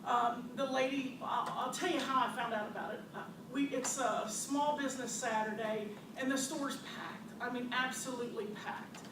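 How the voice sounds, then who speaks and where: Woman, store owner, animated storytelling, laughs often, distant noisy hall. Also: on the high side, moderate pace, few pauses. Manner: animated, laughs often, acts out customers' quotes. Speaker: store owner presenting to a business audience. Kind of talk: storytelling presentation. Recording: distant, echoey, noisy room recording.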